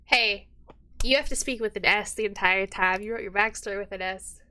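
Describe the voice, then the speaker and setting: A woman narrating as game master of a tabletop game, relaxed, with many fillers and frequent laughs. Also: medium pitch, brisk.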